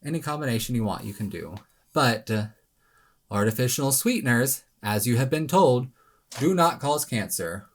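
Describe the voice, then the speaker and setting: A man giving casual weight-loss advice straight to camera, animated and self-mocking, with sudden dramatic jumps in pitch. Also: moderate pace.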